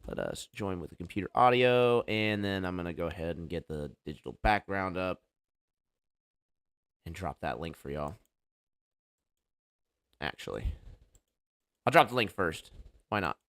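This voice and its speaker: A man's voice: sits low, lively intonation, moderate pace, pauses often, fairly bright tone, clear, resonant tone. A man hosting a casual livestream debate show, talking loosely and joking as he sets things up. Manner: loose, joking, hype-style banter.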